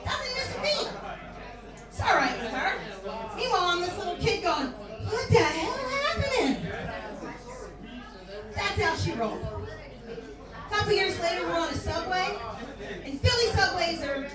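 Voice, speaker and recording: A woman's voice: very high voice, animated, normal speed, long pauses. A woman in her fifties from Philadelphia doing a brash, salty stand-up set in a bar. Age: 50s. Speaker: stand-up comedian. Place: bar with live audience. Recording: echoey room from far off, crowd.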